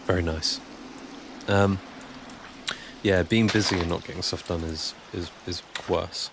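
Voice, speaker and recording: A man's voice: low voice, steady tone, unhurried, noisy background. A man chatting casually and rambling on a live stream while he builds, answering chat as he goes.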